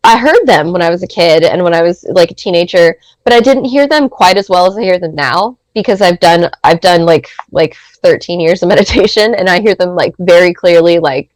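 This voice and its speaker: A woman in her thirties, a podcast guest, telling a personal story in a rambling, animated way, with many filler words. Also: lowish voice, fairly quick, hardly any pauses, dry recording, poor audio. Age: 30s. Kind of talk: casual storytelling.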